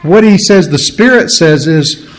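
A man's voice: fairly high pitch, animated, unhurried, rough recording. A man preaching a conversational Bible-study sermon, full of rhetorical questions and restarts. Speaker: pastor.

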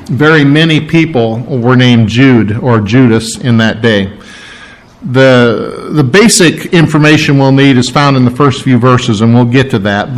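A middle-aged male pastor who prays and then preaches to his church, often stopping to repeat words. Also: medium pitch. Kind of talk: sermon with opening prayer.

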